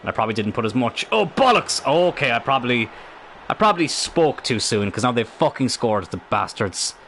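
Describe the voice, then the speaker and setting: Bright-voiced game streamer. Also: male voice, mid-range voice, brisk, a little hiss or hum. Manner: excitable, swears at the game, rambling asides. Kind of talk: live gameplay commentary.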